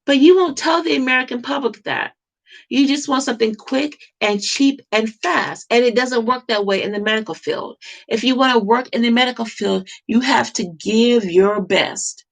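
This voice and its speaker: Emphatic woman with a gravelly voice. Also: fairly high pitch, normal speed. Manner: emphatic, repetitive, rhetorical questions. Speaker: vlogger. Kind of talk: impassioned monologue to camera.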